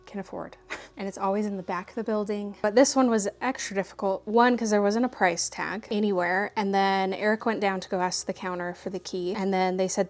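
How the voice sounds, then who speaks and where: A woman's voice: mid-range voice, steady tone. Chatty woman unpacking antique finds. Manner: chatty, laughs often, quick asides. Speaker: antique dealer. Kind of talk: casual unboxing vlog. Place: home, indoors.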